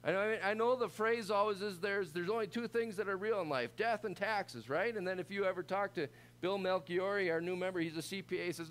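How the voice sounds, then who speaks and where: Animated preaching man, higher voice. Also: fairly quick, few pauses. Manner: conversational, animated preaching with restarts. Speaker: pastor. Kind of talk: sermon.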